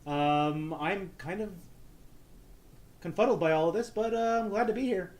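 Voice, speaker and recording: Brief: man as a clumsy new commander, rambling, fairly high voice. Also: normal speed, a little mellow, close to an everyday voice. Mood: awkward. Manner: rambling, self-doubting. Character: awkward insecure male team leader.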